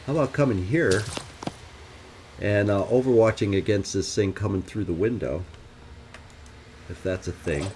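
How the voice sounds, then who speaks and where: Pausing often, a lowish male voice speaks at a normal speed with a slightly mellow quality, over a little hiss or hum. He's a gaming channel host thinking aloud through his let's play tactics, peppering his planning with wry self-questioning.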